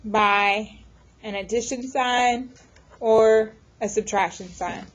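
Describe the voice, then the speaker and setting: A woman math teacher lecturing her class, firing off quick questions to the students. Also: mid-range voice, low-quality recording.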